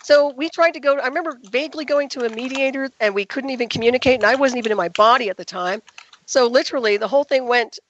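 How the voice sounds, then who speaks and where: A woman guest telling her story in an interview, talking rapidly and emphatically. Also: sits high, lo-fi sound. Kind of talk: radio interview call.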